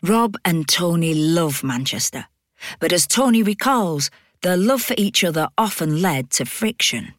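A woman narrating a documentary script in a measured, understated way. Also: fairly low pitch, expressive, dry recording, clean studio sound.

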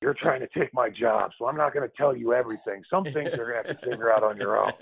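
A man doing an impression of a gruff, guarded veteran teammate, speaking bluntly and flatly. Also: medium pitch, fast. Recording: tinny phone-like line.

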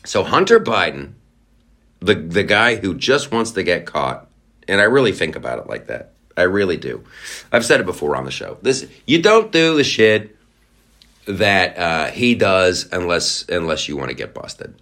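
A man's voice: low-pitched, big pitch swings, moderate pace, pushed and bright. A man hosting a podcast, delivering a profane, sarcastic political rant and mocking other people in put-on voices. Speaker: podcast host. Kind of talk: ranting political commentary.

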